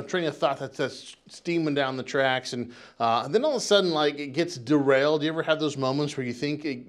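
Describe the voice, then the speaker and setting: A middle-aged American man preaching a sermon as pastor, talking in a loose, conversational way with lots of restarts and "right?" tags. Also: mid-range voice. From United States.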